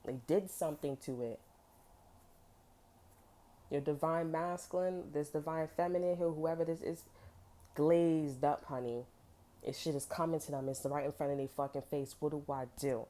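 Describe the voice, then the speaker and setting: A woman's voice: low voice, steady tone, normal speed, long pauses, mellow. A woman giving a casual tarot reading, blunt and profane, full of emphatic slang. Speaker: tarot reader.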